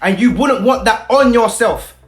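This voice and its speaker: A man's voice: very high voice, expressive, moderate pace, faint music behind. A man, ranting to camera in a heated, confrontational way and using street slang. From Britain. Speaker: activist vlogger. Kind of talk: impassioned rant to camera. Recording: echoey room.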